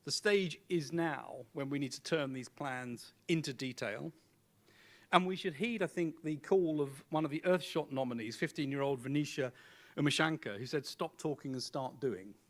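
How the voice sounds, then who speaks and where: A middle-aged man giving a formal, measured speech at a conference, setting out his points one by one with deliberate emphasis. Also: fairly high pitch.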